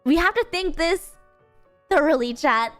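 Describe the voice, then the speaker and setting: A woman's voice: high voice, lively intonation, unhurried, a bit bright, faint music behind. A woman hosting a live stream, chatting casually and thinking aloud to her chat. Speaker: streamer hosting an anime guessing game.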